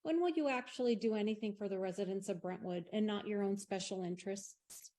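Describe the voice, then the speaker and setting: A woman's voice: mid-range voice, a little fast, mellow. A woman bluntly accusing city council members during public comment.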